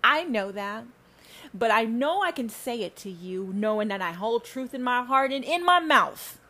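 A woman's voice: sing-song, normal speed. Profane, preachy woman podcast host. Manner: profane, emphatic, swings between loud and low. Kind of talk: preachy spiritual rant.

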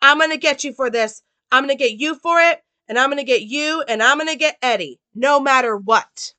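A woman voicing a desperate, vengeful dying male killer who yells threats in a film retelling. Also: sits high, brisk, dry recording, voice pushed up. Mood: raging. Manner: yelling threats.

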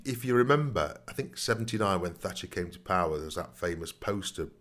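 A man's voice: sits low, lively intonation, a little fast, a bit bright. A man telling long, rambling stories in a casual podcast chat, often adding "you know what I mean". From Nottingham, England. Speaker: podcast co-host.

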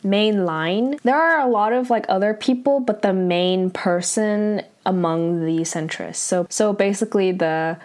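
A woman's voice: medium pitch, measured pace, few pauses, a little mellow. A woman casually recapping a TV drama episode, chatty and full of "like", briefly acting out the characters' lines.

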